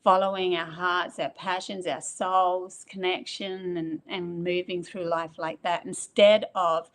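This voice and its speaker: Animated woman telling a story. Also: a little slow, few pauses. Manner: animated, acts out quoted remarks with big pitch jumps. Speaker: guest. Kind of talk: spiritual storytelling in conversation.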